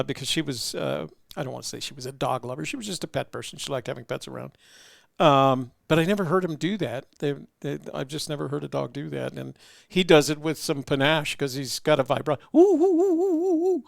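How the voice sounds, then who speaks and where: A man's voice: fairly high pitch, gravelly, a bit bright, no echo, studio quality. A man hosting a casual livestream chat. He rambles in a friendly way, with lots of fillers and restarts. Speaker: host.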